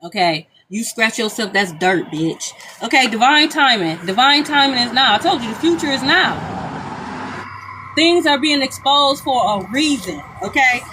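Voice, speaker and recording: A woman's voice: a little high, lively intonation, moderate pace, noisy background. A woman giving a live tarot reading outdoors on a street, talking bluntly and profanely and repeating herself often. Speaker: tarot reader. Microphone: phone livestream.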